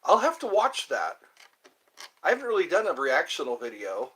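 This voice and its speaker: A man's voice: fairly high pitch, huge pitch swings, moderate pace, bright, forceful tone, breathy edge, rough recording. A man live-streaming in a casual chat, reading viewer comments aloud and rambling playfully with frequent giggles.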